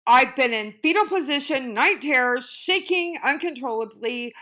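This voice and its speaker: A woman's voice: a little high, animated, measured pace, pushed and bright. A woman actress telling an upsetting personal story in an interview, agitated and swearing, with many fillers. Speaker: actress and guest.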